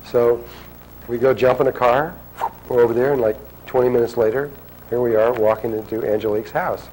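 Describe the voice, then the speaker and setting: A man's voice: medium pitch, fairly even intonation, brisk, a little mellow, slight background noise, poor audio. A man telling a long personal story to an audience, rambling and acting out quotes. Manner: rambling, restarts often, acts out quotes.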